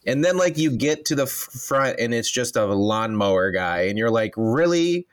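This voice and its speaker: A man telling stories in casual podcast chat, swearing freely and getting animated. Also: lowish voice, moderate pace, dry recording, clean studio sound.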